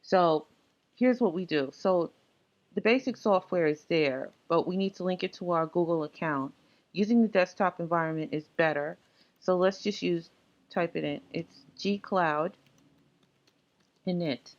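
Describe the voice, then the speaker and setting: Lower-voiced woman explaining software, muffled audio. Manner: relaxed, halting explanation with frequent fillers. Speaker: tech tutorial presenter. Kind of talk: casual screen-recorded walkthrough.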